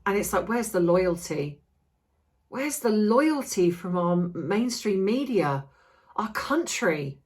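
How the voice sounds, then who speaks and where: A woman's voice: on the low side, expressive, unhurried, darkish tone. A woman giving an impassioned, ranting opinion vlog with many restarts, feeling unwell. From Australia. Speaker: commentary vlogger.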